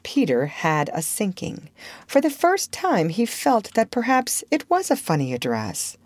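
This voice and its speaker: Expressive woman reading a storybook. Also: mid-range voice, a little slow, no echo. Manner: expressive, varied storytelling delivery. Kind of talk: storybook narration.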